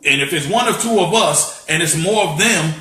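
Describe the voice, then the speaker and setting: A man's voice: on the high side, animated, normal speed, pushed and bright. Passionate man with roomy echo. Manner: passionate, preacher-like repeated rhetorical questions. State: fighting back tears. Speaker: podcast co-host. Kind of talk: impassioned podcast monologue.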